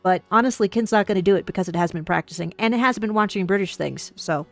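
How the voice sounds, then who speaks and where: A woman streams a game, reading out its narration and chatting playfully while referring to herself in the third person. Her voice is medium-pitched with vocal fry, she talks at a quick pace, and faint music plays behind her.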